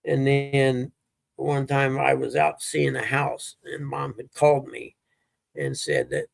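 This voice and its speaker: A middle-aged livestream host with a gravelly, husky, medium-pitched voice speaks slowly with little pitch movement. In a dry recording, he tells rambling, laid-back stories in casual chat.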